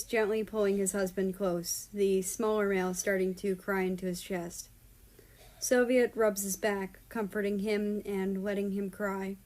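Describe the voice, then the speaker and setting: Woman narrator for a read-aloud story; calm, steady, unhurried. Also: medium pitch. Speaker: story reader. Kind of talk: reading fan fiction aloud.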